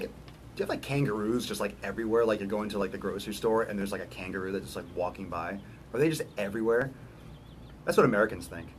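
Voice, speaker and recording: A man's voice: lowish voice, slight background noise. A man working as a fitness coach, chatting casually as he answers viewer questions, blunt and profane with joking asides.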